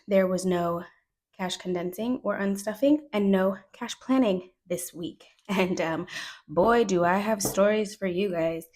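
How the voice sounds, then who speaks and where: A woman talks casually to camera as a budgeting vlogger, chatty and a little sarcastic. Her voice sits at a middle pitch as she counts bills aloud at an easy pace. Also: darkish tone, rough recording. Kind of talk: casual chat to camera while counting cash.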